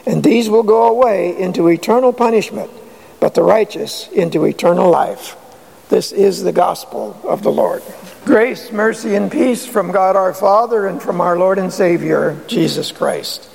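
Man, pastor, earnest sermon, rhetorical questions, gravelly voice, church with long reverb. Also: sits high, a little slow, darkish tone.

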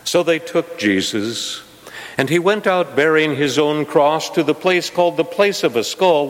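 A man reading scripture aloud in a measured, solemn manner. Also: medium pitch. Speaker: scripture reader. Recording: long hall reverb.

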